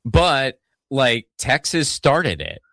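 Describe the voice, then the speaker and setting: A man's voice: medium pitch, big pitch swings, slow, gravelly, a bit bright, no echo, studio quality. A man from Pittsburgh hosting a casual political podcast, rambling and swearing, often restarting his sentences. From Pittsburgh, Pennsylvania. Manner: rambling, profane, full of restarts and asides. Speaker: podcast host.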